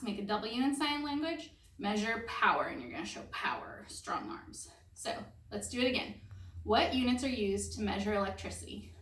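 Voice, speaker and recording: A woman's voice: mid-range voice, a bit bright. A woman leading children in call-and-response memory drills, chanting and singing facts in a playful, coaxing way. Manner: playful, coaxing children to repeat in silly voices. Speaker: homeschool memory-work tutor. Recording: echoey room, voice from far off the mic.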